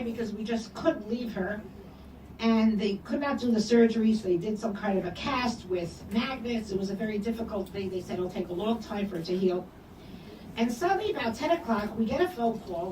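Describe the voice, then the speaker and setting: An older woman telling personal memories to an audience, animated, acting out the voices in her quoted dialogue. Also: a little high. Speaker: speaker sharing memories. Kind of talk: personal storytelling talk. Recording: echoey room from far off, noisy.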